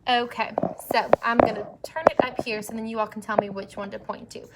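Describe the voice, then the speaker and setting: A young woman teacher leading an early-grade phonics lesson, stretching out words slowly and praising the children. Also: fairly high pitch, steady tone, very noisy. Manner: slow, drawn-out word modeling, encouraging.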